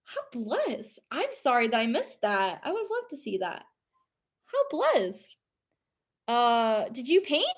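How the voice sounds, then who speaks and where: A woman's voice: on the high side, wildly swooping pitch, a little slow, few pauses. A young woman streamer chatting casually and rambling, reading chat aloud and laughing often.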